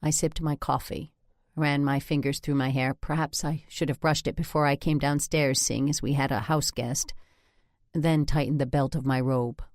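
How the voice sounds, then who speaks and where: A woman narrating an audiobook in the first person, in a wry and measured way. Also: deep voice, steady tone, a little mellow, no room sound, studio quality. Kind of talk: scripted narration.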